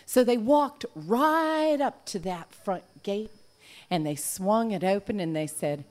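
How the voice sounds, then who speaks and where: A woman telling a folk tale aloud to a live audience in an animated, folksy way. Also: medium pitch, slow. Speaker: storyteller. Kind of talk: live oral storytelling.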